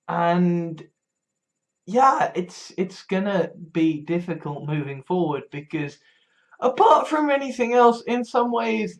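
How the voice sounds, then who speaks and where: A man in a casual rambling monologue, stumbling over restarts, swearing freely and laughing wryly at himself. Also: fairly high pitch. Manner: wry, laughs often. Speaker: vlogger.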